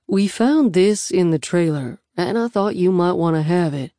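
A kindly police officer choosing his words hesitantly and carefully, as a woman reads him. The voice is low and mellow. Close, dry audiobook sound. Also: expressive, moderate pace, no room sound, lightly acted.

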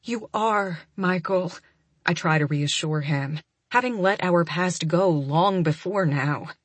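A young adult woman narrating a first-person romance audiobook, soft and emotional, often close to a whisper. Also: low voice, unhurried, no room sound.

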